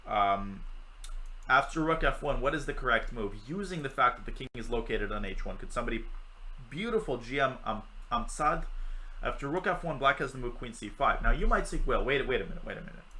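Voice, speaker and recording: Casual stream commentary, young man, bright voice, talks through the moves. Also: medium pitch, animated, fairly quick, poor audio. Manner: chatty, jokey, answers chat while teaching. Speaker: chess grandmaster and streamer. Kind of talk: live chess commentary on a stream.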